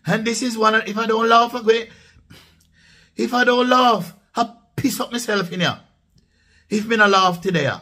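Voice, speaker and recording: A man's voice: very high voice, sharp tone. A man with a Jamaican accent giving emphatic political commentary in a casual vlog, dropping into patois and repeating points for stress. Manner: emphatic, repetitive, mixes patois into speech.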